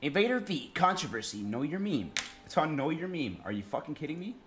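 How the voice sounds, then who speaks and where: A man's voice: fairly high pitch, big pitch swings, a little fast, fairly bright tone, a little hiss or hum. A young man streaming, giving crude, rambling reaction commentary full of swearing.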